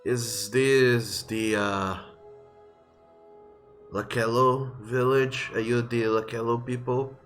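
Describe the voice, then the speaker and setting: A man playing an annoyed gruff captain. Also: medium pitch, fairly even intonation, a bit bright, soft background music. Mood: irritated. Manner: brisk, slightly annoyed. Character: gruff weary male ship captain.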